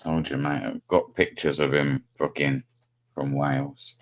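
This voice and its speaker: A man teases and mocks the others in slow, drawn-out speech. His voice is very deep. The recording is dry and close. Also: flat delivery, no room sound. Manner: slow, teasing, mocking banter. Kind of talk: casual chat.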